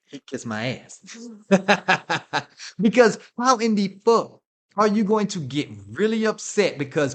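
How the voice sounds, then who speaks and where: Lively man ranting on a podcast. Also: a little high. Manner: animated, laughs often, swears freely. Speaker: podcast host. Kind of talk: casual profane rant.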